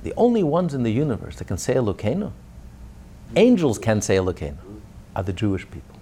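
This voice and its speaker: A man giving a Torah lecture as a rabbi, emphatic, moving between loud declarations and quiet asides, with Hebrew terms throughout. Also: mid-range voice, huge pitch swings, fast, slight background noise.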